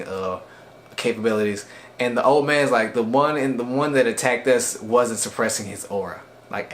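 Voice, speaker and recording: A man's voice: mid-range voice, slight background noise. A man giving a casual, rambling recap of an anime episode for a review video, with frequent restarts and fillers.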